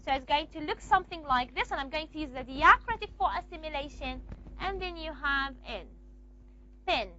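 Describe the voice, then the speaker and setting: A woman gives a phonetics lecture in a very high, lively voice that swings up and down, with a bright edge. She poses questions to the class, answers them herself, and draws out key words slowly. The recording sounds dull and lo-fi. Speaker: phonetics teacher.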